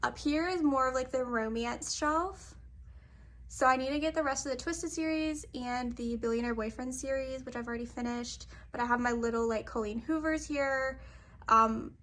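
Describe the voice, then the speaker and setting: A woman's voice: high voice, fairly bright tone. A young woman, chatting casually and a little out of breath while showing off her bookshelves. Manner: chatty, filler-heavy, uses "y'all". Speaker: book vlogger. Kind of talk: casual chat.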